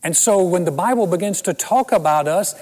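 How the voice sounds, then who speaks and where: Man in his 60s, pastor with a somewhat high voice, preaching through funny personal stories, echoing in a large hall. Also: brisk, a little mellow. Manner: storytelling with self-deprecating humor. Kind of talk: sermon.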